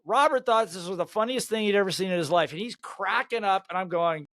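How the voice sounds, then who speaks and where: High-voiced older man telling stories. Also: a little fast, no echo. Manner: lively anecdotal storyteller who laughs at his own stories. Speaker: guest, sales trainer and author. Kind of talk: storytelling in an interview.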